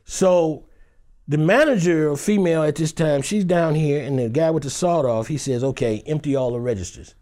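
A man's voice: fairly high pitch, moderate pace. A male actor from Detroit telling a dramatic personal story in a chat and acting out every voice. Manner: animated, acts out every voice in the story.

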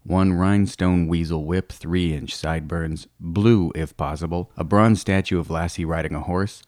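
A man reading a humorous book aloud with deadpan, playful delivery. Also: deep voice. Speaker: audiobook reader. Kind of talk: comic scripted narration.

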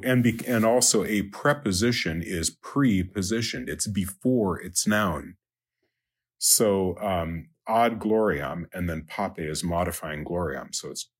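A man teaching a Latin lesson, working through numbered exercises in a halting way with many ums and uhs. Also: sits low, breathy edge. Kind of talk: recorded lecture walking through exercises.

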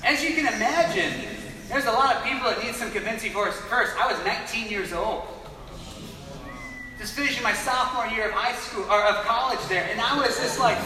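A man's voice: very high-pitched, brisk, distant mic, a crowd in the background. A young man preaching a sermon, telling his story earnestly and acting out the dialogue. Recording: echoey hall from afar.

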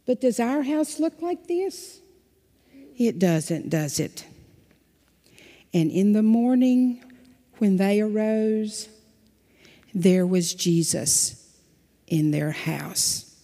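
A woman telling a story at a children's sermon in a church, asking the children lively, coaxing questions. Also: medium pitch, drawn-out words, pauses often. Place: church sanctuary. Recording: long hall reverb.

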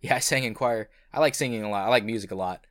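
A man's voice: on the low side, fast, no echo, studio quality. A man co-hosting a podcast, chatting casually and earnestly, with many fillers. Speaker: podcast co-host. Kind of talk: casual chat.

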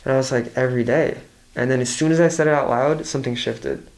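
A man's voice: medium pitch, fast, gravelly, darkish tone. A young man in his twenties talking candidly as a podcast guest, rambling with many restarts and frequent swearing. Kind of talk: candid casual conversation.

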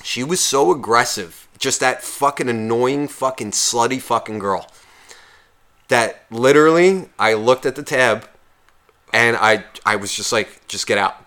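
Unhurried and medium-pitched, this man co-hosts a podcast and draws on his bartending past for crude, animated bar anecdotes, mimicking and mocking people with exaggerated voices along the way.

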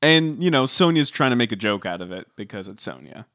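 A man co-hosts a casual chat in an animated, opinionated way. His voice is mid-pitched. It sounds dry and close to the mic. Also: brisk, no echo. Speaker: podcast co-host. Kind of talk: casual chat recapping a reality show.

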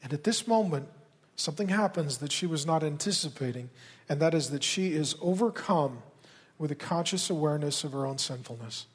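Pastor, male, fairly high husky voice, direct conversational sermon delivery, reverberant hall. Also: expressive, a little fast. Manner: direct, conversational preaching with pointed asides.

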